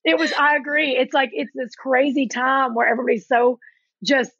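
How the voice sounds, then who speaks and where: A woman in her forties in casual chat, telling lively stories and acting out quotes in a higher voice. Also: normal speed, no echo, muffled recording. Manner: animated storyteller, acts out quotes with a jump in pitch. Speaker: podcast guest.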